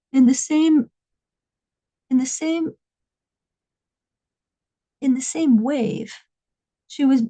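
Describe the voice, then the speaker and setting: A woman telling a story in a halting way, often repeating and restarting her words. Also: sits high, dark tone, rough recording. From United States, New York and Massachusetts. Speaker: religious speaker. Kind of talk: storytelling talk.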